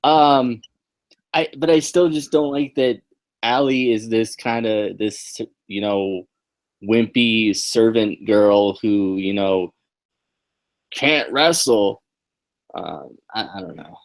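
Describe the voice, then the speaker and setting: A man co-hosting a casual wrestling podcast, hesitant and full of fillers, turning loud and incredulous when excited. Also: on the low side, slow pace, vocal fry. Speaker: podcast co-host. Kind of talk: casual wrestling review chat.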